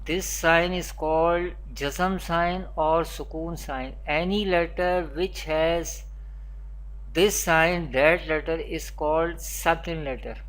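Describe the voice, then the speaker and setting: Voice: mid-range voice, fairly even intonation, takes it slowly, fairly bright tone. A Quran teacher giving a beginner recitation lesson, naming letters one at a time and repeating spelling drills. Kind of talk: recorded beginner pronunciation lesson.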